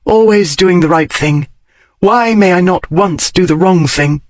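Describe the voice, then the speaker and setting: Brief: an earnest, determined gentlewoman, read plainly by a man in an audiobook romance. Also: sits high, unhurried, no room sound, pitched above the performer's own voice.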